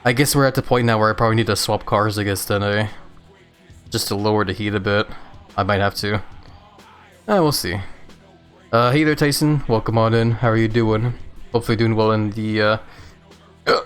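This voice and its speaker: Brief: relaxed male streamer, deeper voice, hiccups, faint game music behind. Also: moderate pace, pauses often. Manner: laid-back, laughs often, many fillers. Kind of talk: casual gameplay commentary.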